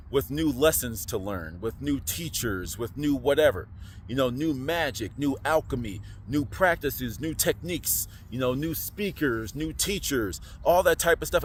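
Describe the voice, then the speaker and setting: A man giving a casual, slangy spiritual monologue into his phone, animated and preachy. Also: medium pitch, a little hiss or hum. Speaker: spiritual vlogger.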